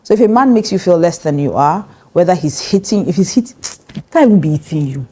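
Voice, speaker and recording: A woman's voice: fairly low pitch, lively intonation, a little fast, warm tone, breathy edge. A middle-aged woman pastor with a Nigerian English accent giving a conversational marriage teaching, direct and emphatic, laughing often.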